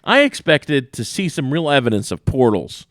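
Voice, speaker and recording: A man co-hosting a podcast in casual chat, animated and dismissive as he rants. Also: medium pitch, normal speed, no room sound, studio quality. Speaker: podcast co-host.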